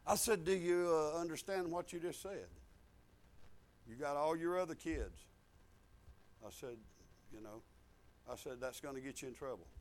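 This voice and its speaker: Fifties male pastor, high-pitched, folksy storyteller who builds to loud emphatic preaching. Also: normal speed, pauses often. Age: 50s. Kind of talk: sermon.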